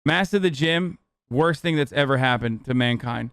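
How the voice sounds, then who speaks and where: A man's voice: mid-range voice, moderate pace, fairly bright tone, clear, resonant tone, no room sound. A streamer venting to his chat, cursing and exasperated. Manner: profane, exasperated, talks to chat.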